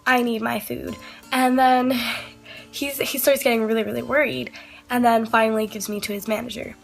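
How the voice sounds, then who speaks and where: Young woman vlogger, higher voice, casual storyteller who swears, faint music behind. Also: fairly even intonation, fairly quick, gravelly. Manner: chatty, swears, acts out both sides of calls.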